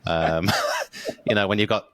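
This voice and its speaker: A man hosts a podcast in an easygoing, chatty way, his voice very low. He spins dive stories casually and drops the odd swear word. The sound is dry and close, with no room around it. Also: a little slow, dry recording. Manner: relaxed storyteller, swears casually, says mate. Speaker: podcast host. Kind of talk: casual interview chat.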